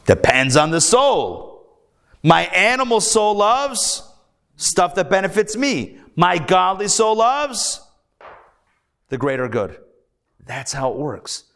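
A rabbi teaching a live class, telling stories in a lively, animated way with playful asides. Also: male voice, sits high, slow pace, creaky, long pauses.

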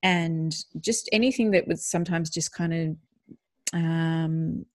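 Podcast host, female: low, earnest, reflective, dry close mic. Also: fairly even intonation, slow pace, darkish tone, no room sound. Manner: earnest, reflective, laughs easily. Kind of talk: casual podcast chat.

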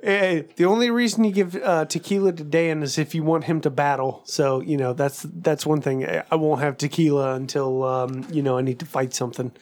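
A man in a casual chat with friends, excitable and quick to react. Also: on the high side. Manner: excitable, animated. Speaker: podcast co-host.

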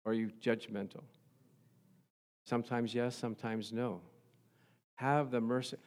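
A middle-aged male pastor preaching a sermon to his congregation, chuckling at times and building to loud, fervent passages of scripture. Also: mid-range voice, fairly even intonation, unhurried. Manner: chuckles often, talks to the congregation.

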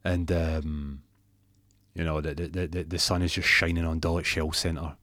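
A man's voice: a bass voice, level tone, normal speed, sharp tone, no room sound. A man telling a comic story, jumping into raised voices for each character.

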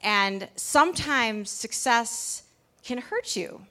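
Her voice is fairly high, expressive, bright and forceful, and she speaks slowly. This pastry chef tells an honest personal story to a crowded bar audience in a chatty talk full of restarts.

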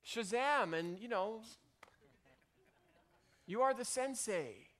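Man putting on a brash admiring disciple, high voice, excited and slangy. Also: takes it slowly, exaggerated voice. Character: eager adult male disciple, brash and admiring.

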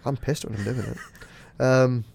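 A man's voice: mid-range voice, fairly even intonation, unhurried, vocal fry, a little mellow, breathy edge. A man co-hosting a podcast, chatting casually, teasing his co-host and laughing often. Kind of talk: casual chat.

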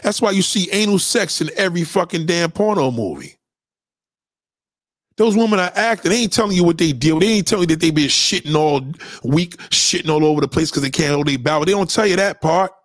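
Brisk and animated, a fairly high-pitched male voice delivers a blunt, profane tirade to followers, circling back to his points repeatedly in a heated tone. The studio-quality audio has no echo.

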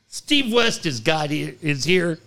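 A man co-hosting a podcast, joking and swearing freely in casual banter. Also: a little high. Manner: profane, animated, laughing easily. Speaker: podcast co-host.

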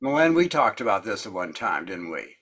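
A man's voice: lowish voice, sing-song, a little fast, a bit bright, breathy edge. A man who leads a discussion group, chatting in a rambling way with lots of fillers during a casual group video call.

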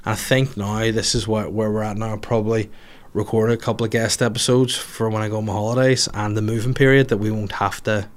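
A man's voice: lowish voice, flat delivery, fairly quick. A man hosting a podcast, chatting casually and joking irreverently as he reads out listener stories. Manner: joking, irreverent, swears freely. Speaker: podcast host.

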